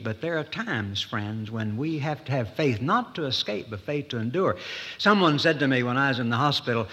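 Folksy preacher in an echoey hall. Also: male voice, fairly high pitch, fairly bright tone. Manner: folksy, dramatic pauses, rising emphasis. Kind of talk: sermon.

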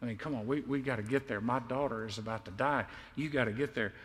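A man's voice: mid-range voice, quick pace, fairly bright tone, voice pushed down, natural voice. Anxious, impatient middle-aged father, put on by a preacher; exasperated and pleading, echoey hall.

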